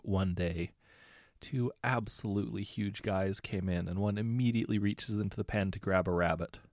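Male storyteller with a raspy, fry-edged voice, easygoing delivery, dry booth-like recording. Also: fairly low pitch, normal speed, dry recording. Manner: relaxed, conversational storytelling with self-corrections. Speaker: story narrator. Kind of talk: reading short anecdotes aloud.

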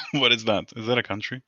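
A man's voice: mid-range voice, bright, forceful tone, no room sound, muffled recording. A man co-hosting a podcast in casual chat, rambling and swearing, laughing often. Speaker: podcast co-host.

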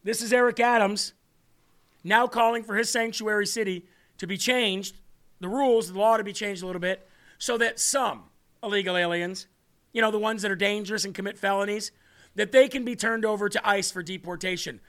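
A man's voice: high voice, steady tone, brisk, fairly bright tone. A man hosting a political talk show, rambling and sarcastic as he speaks to the audience. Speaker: show host.

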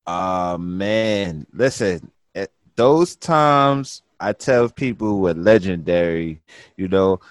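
A man's voice: deep voice, animated, takes it slowly, dry recording. A man in his thirties, once a party promoter, reminiscing in casual chat, laid-back and drawn out, saying "listen, man" often.

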